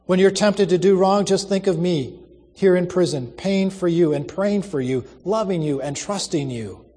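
A man reading the part of a kindly old convict who talks in a gentle, pleading, resigned way. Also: high-pitched, moderate pace, big-room sound, pitched above the performer's own voice. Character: kindly self-sacrificing old male convict.

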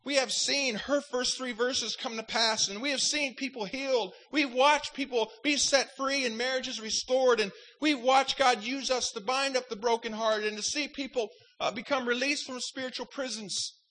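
A man's voice: extremely high pitch, steady tone, normal speed, hardly any pauses, sharp tone, rough recording. A man pastor preaching a sermon, fervent in delivery and breaking into wry joking asides.

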